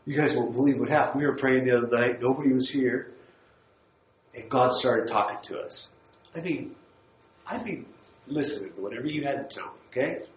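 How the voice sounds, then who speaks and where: A man's voice: medium pitch, animated, a little fast, pauses often. A man teaching a church Bible study lesson, folksy and emphatic, repeating words for stress. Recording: echoey room, dull lo-fi sound.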